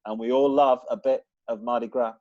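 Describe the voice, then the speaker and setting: A man's voice: medium pitch, a little fast, dry recording, dull audio. A man co-hosting a casual car podcast, reading listener emails with jokey asides. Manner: jokey, animated, throws in quips and silly asides. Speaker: podcast co-host.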